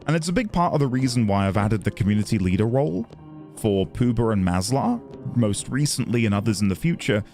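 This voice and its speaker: A man's voice: fairly low pitch, lively intonation, brisk, a little mellow, faint music behind. A man streaming a video game, chatting with his viewers in a casual, reflective way and thanking them as he plays. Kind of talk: casual gameplay commentary.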